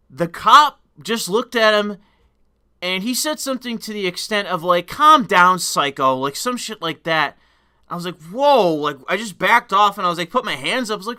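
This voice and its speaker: A young man tells a story on his stream, cursing freely and getting worked up as he goes. His voice sits a little high and has a very bright, clean ring. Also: clean tone. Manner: profane, animated storytelling.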